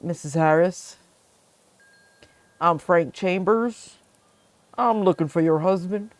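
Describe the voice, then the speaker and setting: A woman reading game lines as a persistent male private investigator, polite and measured. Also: lowish voice, dry recording. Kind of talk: reading game dialogue aloud.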